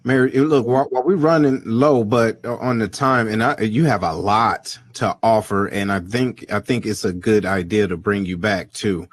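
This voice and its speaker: A man hosting an interview in a relaxed way, affirming his guest and repeating phrases for emphasis. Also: on the low side, moderate pace, few pauses, husky, no echo. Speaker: host. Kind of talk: casual interview talk.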